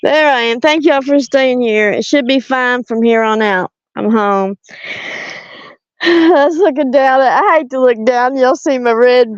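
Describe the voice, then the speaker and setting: A woman's voice: high voice, a little slow, smooth, no room sound, lo-fi sound. A woman chatting casually on a live stream from her parked car, self-deprecating and laughing often as she answers viewer comments.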